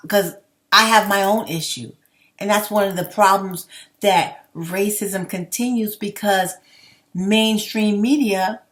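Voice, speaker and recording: Young adult woman, passionate commentary rant, plain-spoken and profane. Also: medium pitch. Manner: blunt, swears, rambling and passionate. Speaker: commentary vlogger. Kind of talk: heated opinion rant to camera.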